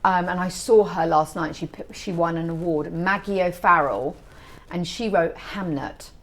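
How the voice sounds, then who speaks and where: A middle-aged woman being interviewed as an author, telling stories in an animated, chatty way. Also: fairly low pitch, moderate pace. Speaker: author guest. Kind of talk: casual interview chat.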